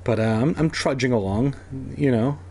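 A man's voice: mid-range voice, moderate pace, a little hiss or hum. A young man reading a children's horror story aloud as host, breaking off for joking asides. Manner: lively, joking, swears in asides.

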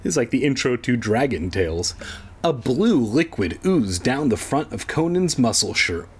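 A man's voice: mid-range voice, very animated, normal speed, breathy edge. A man reading a children's book aloud as a comedy bit, putting on voices for the characters and breaking off into sarcastic, swearing asides. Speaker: podcast host reading a kids' book aloud. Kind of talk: comedic read-along with rambling asides.

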